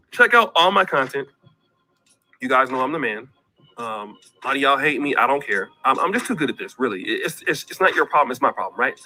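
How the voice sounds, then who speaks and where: A man's voice: fairly high pitch, sharp tone. A man hosting a commentary vlog, ranting in a preachy way, repeating himself and calling out people by name.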